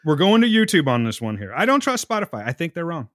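Heated, animated podcast guy. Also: a little high, quick pace, dry recording, clean studio sound. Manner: heated, swearing, laughs often. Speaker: podcast co-host. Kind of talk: casual chat.

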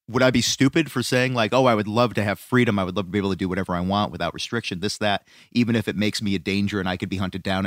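A man's voice: on the low side, no room sound, clean studio sound. A man co-hosting a casual podcast, earnest and a little defensive in debate. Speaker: podcast co-host.

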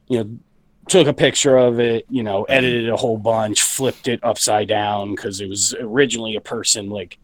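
A man's voice: lowish voice, fairly even intonation, normal speed, no room sound, rough recording. Breathless man rambling in casual chat. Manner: rambling, many fillers and profanity. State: recovering from flu, out of breath. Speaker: band member guest. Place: recording studio.

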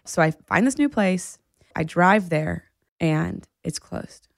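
A woman with a low, gravelly voice tells a story as a podcast co-host. She talks in a casual, animated way and laughs often. The recording is close and dry. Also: slow pace, dry recording. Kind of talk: casual chat.

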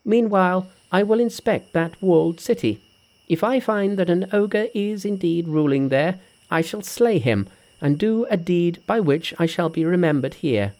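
A man's voice: high-pitched, animated, normal speed, darkish tone. A man reading an audiobook who voices a boastful, cocky male monkey hero in a brash, confident manner. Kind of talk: audiobook character voice.

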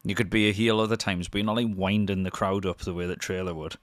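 A man's voice: low voice, steady tone, fast, no room sound. A man chatting casually as a podcast co-host, making dry wisecracks. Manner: dry wisecracks, laughs along. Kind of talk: casual wrestling chat.

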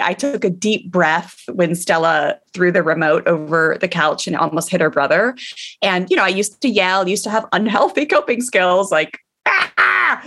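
A middle-aged woman hosts a parenting podcast. She talks in an animated, chatty way, with plenty of likes and you knows, and moves easily between an explanation and a friendly chat. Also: fairly low pitch. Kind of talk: casual chat with promo read.

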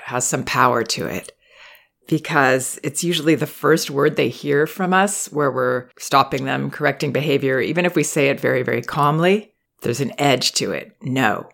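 A woman hosting a parenting podcast, giving advice to a listener in a measured, reflective way and often drawing out her words. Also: rumbling low, a bit bright.

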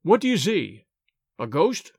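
A man's voice: high voice, sing-song, a little slow, gravelly, a little mellow, dry recording, heavily acted. A man voicing a dry, mocking friend.

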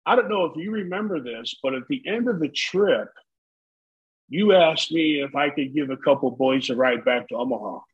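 A man's voice: a little high, expressive, moderate pace, slightly rough. A man in his fifties telling long, profane stories in casual chat as a podcast co-host. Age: 50s. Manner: profane, rambling storyteller. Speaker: podcast co-host, former pro wrestler. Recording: dull lo-fi audio.

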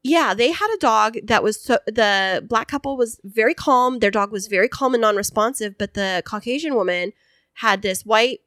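A woman's voice: fairly high pitch, moderate pace, no room sound. A woman co-hosting a podcast, casually chatting and telling a story with lots of fillers and acted-out voices. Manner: chatty, animated storyteller who acts out voices. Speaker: podcast co-host.

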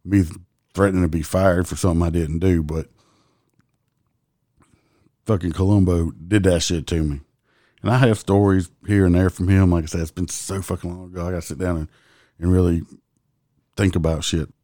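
A man's voice: low voice, steady tone, moderate pace, pauses often, warm tone, no echo, clean studio sound. A man, a host telling a casual, profane story and laughing as he goes. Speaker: podcast host and police officer.

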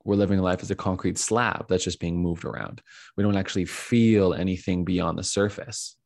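A man's voice: low-pitched, fairly even intonation, normal speed, gravelly, darkish tone, dry recording, clean studio sound. A man hosting a podcast, talking earnestly in a reflective conversation, often searching for words with fillers and restarts. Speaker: podcast host.

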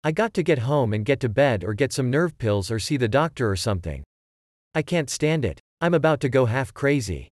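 A man's voice: medium pitch, sing-song, brisk, no echo, clean studio sound, natural voice. A man voicing a terrified young man who pleads that he needs a doctor. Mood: distraught. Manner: distraught, pleading, panicky.

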